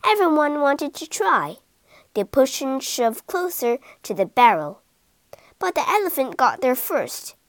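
A woman reading an animal story aloud for English learners, in a slow, clear and expressive way. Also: high-pitched, no room sound.

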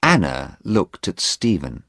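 A man reading an easy-English audiobook in a slow, deliberate scripted narration. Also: deep voice, big pitch swings, a bit bright, husky, no echo, studio quality.

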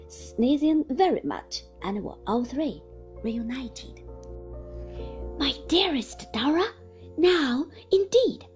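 Woman narrator for a classic novel, high and lively, faint music under her. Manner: expressive storytelling. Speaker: audiobook reader.

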